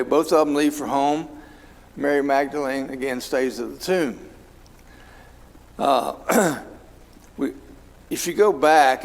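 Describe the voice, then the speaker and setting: Man, Bible study teacher, fairly high voice, conversational, asks the class questions, long church-hall reverb.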